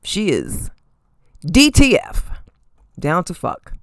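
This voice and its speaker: A sassy woman rattles off celebrity gossip as a podcast host, leaning on pointed "okay?" asides. Her voice sits a little low with a gravelly edge. Her pitch swings widely, and the recording is dry and close. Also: huge pitch swings, slow pace, dry recording. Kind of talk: casual celebrity gossip commentary.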